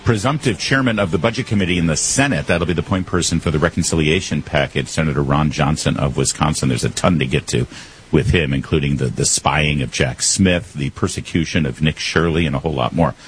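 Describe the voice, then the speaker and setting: A man hosting a talk radio show, brisk and lively, his pitch climbing when he gets worked up. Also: a little hiss or hum, low-quality recording. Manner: brisk, rising pitch when excited, laughs easily.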